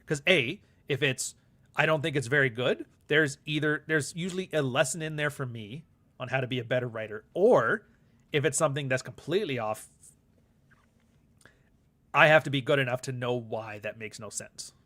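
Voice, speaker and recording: A man's voice: medium pitch, normal speed, bright, forceful tone. A man hosting his own podcast, talking in a rambling, candid, casual monologue and swearing freely. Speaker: podcast host and author.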